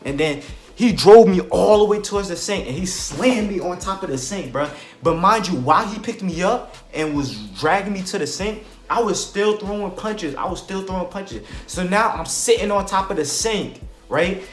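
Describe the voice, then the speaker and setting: High-pitched and speaking at a moderate pace, this young man recounts a personal story for his vlog. He uses casual slang and performs the quotes and sound effects with animation, while faint music plays in an echoey room.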